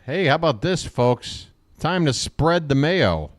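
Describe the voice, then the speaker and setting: This man's baseball play-by-play is a live fan stream, chatty and wisecracking, with replies to chat viewers between pitches. He sounds animated yet unhurried.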